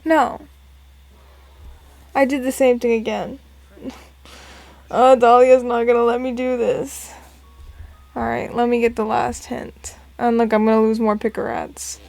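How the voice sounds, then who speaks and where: Chatty lady doing a let's play, bit high voice, dry close sound. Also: flat delivery, unhurried, gravelly, long pauses, a little mellow, no echo, faint music behind. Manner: chatty, self-deprecating. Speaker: gameplay narrator. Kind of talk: casual let's play commentary.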